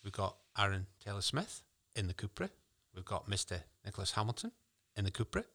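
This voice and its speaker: A man with a low, bright voice, chatting casually as a co-host. He talks with an enthusiastic, jokey manner and laughs often. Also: very animated, fairly quick. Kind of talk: casual chat.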